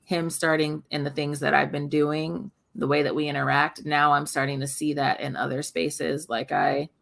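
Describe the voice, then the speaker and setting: A woman's voice: little pitch movement, normal speed, gravelly. A woman in her thirties co-hosting a podcast, chatting candidly and casually. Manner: candid, chatty, often quotes her toddler in a high voice. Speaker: podcast co-host.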